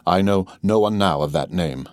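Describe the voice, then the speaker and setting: A man voicing a proud, vengeful nobleman in an audiobook, speaking with cold, measured irony. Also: sits low, no echo, clean studio sound, close to an everyday voice. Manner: cold, measured, bitterly ironic. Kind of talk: audiobook character reading.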